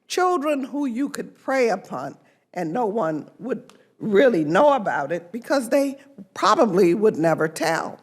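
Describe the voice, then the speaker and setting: An older woman, a congresswoman, giving an emphatic, deliberate press conference speech. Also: mid-range voice, very animated, breathy edge.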